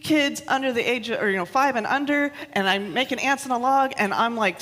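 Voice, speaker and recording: A woman's voice: fairly high pitch, fairly quick, a bit bright, big-room sound. A woman in her thirties, a minister giving a chatty, self-mocking sermon with personal stories, laughing often. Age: 30s. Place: church hall.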